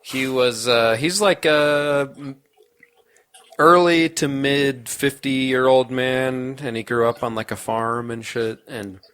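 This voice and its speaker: A man's voice: mid-range voice, steady tone, slow, a bit bright, smooth. Laid-back young man chatting casually. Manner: laid-back, laughs often, trails off. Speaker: podcast co-host. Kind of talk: casual chat.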